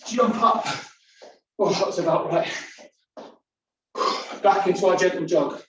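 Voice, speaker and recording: A woman leads an indoor workout class, counting down each set and calling out moves while she exercises along, her breath coming hard between exercises. She talks at an unhurried pace despite the effort. The recording sounds distant and muffled, in a strongly echoing room with a faint hiss. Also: fairly low pitch. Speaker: fitness instructor. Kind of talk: leading a home workout class. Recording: very echoey room, distant mic, dull sound, faint noise.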